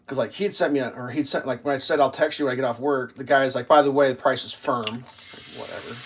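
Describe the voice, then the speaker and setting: A man's voice: medium pitch, steady tone, quick pace, a little hiss or hum. A man casually rambling through a story on a live stream, swearing freely and acting out what others said in a raised voice. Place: home kitchen while cooking.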